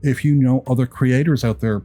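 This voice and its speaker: A man's voice: medium pitch, steady tone, fairly quick, warm tone, faint music behind. A man from Ireland whose Irish accent has been partly Americanized, giving creator tips in a chatty, rambling vlog with self-deprecating jokes. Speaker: YouTube creator. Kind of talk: casual advice vlog.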